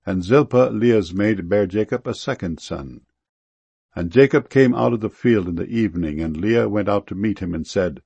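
A man giving a solemn scripture reading in a measured, even delivery. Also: deep voice, creaky, slightly rough, no room sound. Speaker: scripture reader.

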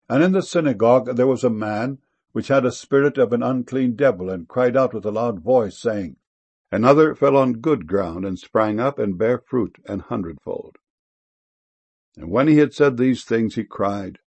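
A man giving a measured, solemn scripture reading in archaic wording. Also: fairly low pitch, lively intonation, vocal fry, darkish tone, breathy edge.

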